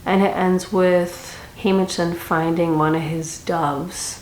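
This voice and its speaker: A woman's voice: lowish voice, normal speed, few pauses. A young woman giving a casual, chatty book review with dramatic reactions and rambling asides. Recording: echoey room with faint noise.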